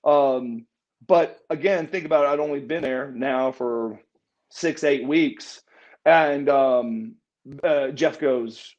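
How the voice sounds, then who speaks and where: Animated storytelling man, muffled audio. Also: slow. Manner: animated, acts out quotes with raised pitch. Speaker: interview guest, former wrestler. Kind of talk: casual storytelling interview.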